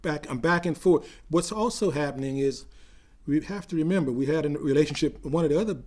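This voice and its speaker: An older man recounting memories in an oral history interview, growing animated as he tells a story. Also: on the high side, brisk.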